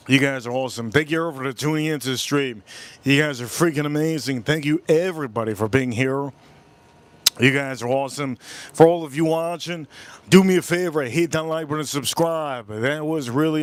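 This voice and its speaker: A man from the United States hosting a casual livestream, repeating himself often and giving emotional, rapid shout-outs to his viewers. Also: a little high. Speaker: livestream host.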